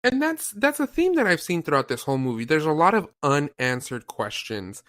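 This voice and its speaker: Smooth-voiced man retelling a film. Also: on the high side, fairly quick, no echo, studio quality. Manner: animated storytelling, retelling scenes with repeated filler. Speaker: podcast host reviewing a film. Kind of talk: casual chat.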